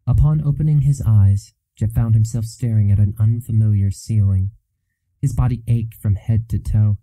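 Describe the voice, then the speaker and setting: A man narrating a fantasy novel as an audiobook in a steady, even storytelling manner. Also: lowish voice, no room sound, low-quality recording.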